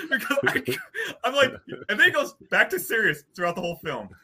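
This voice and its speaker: A man in casual movie discussion, animated and laughing as he talks. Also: high-pitched, moderate pace, background noise. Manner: animated, laughs while talking. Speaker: podcast panelist.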